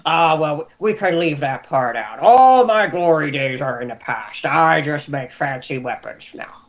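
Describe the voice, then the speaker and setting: A gruff old uncle, a retired fighter who now makes weapons, played by a man in a tabletop game. Plain-spoken and rambling, with a higher-than-usual voice. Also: lively intonation, measured pace. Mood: fond.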